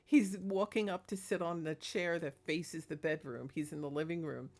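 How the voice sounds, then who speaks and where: Rambly woman on her paranormal vlog, kinda low voice, laughs here and there. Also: fairly even intonation, normal speed. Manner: rambling, chatty, laughs between thoughts. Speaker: paranormal vlogger. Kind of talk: casual vlog monologue.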